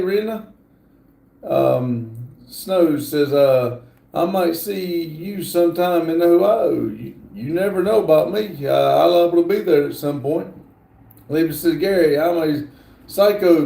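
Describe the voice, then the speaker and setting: Middle-aged male streamer, gravelly and unhurried, halting and apologetic as he reads viewer comments. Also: fairly high pitch, dark tone. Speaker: livestream host. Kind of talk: casual livestream chat. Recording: roomy echo.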